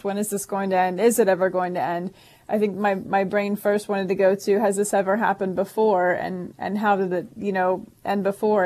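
A woman's voice: medium pitch, darkish tone. A woman co-hosting a call-in advice show, talking earnestly and reassuringly with frequent restarts. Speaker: co-host. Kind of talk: casual advice talk.

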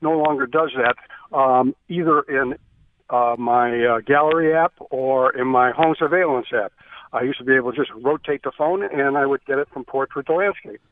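A man calling into a radio show, asking polite, halting questions full of hesitations. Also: mid-range voice, a little hiss or hum. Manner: halting, many uh fillers, polite. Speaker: radio caller. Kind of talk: phone call into radio show. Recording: phone line.

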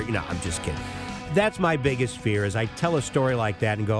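A man hosting a talk radio show, telling a personal story in an animated way and acting out the people he quotes. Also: lowish voice, a little fast, over loud music.

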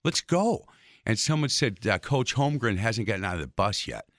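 A man hosting an interview, telling a lively story with stammered restarts. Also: lowish voice, brisk, dry recording, clean studio sound. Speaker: host.

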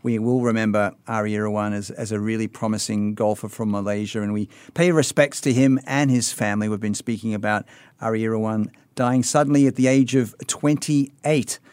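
Male radio host, low pitch, dry close mic, measured questions. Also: fairly even intonation, darkish tone, clean tone, no echo. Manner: measured, brief listening replies. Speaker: radio interviewer. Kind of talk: radio interview.

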